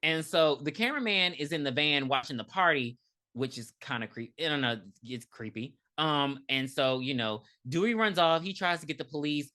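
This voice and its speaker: A woman with a low, deep speaking voice recaps a film for a podcast. She talks casually, swears freely, and acts out the characters' lines with a laugh in her storytelling. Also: normal speed. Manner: animated, profane, laughing storyteller. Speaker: podcast co-host. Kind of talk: casual movie recap chat.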